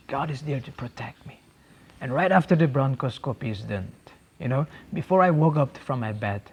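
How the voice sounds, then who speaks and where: A young man giving an earnest personal faith testimony, halting and repeating himself, with many "you know"s. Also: mid-range voice, darkish tone, husky. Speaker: testimony speaker.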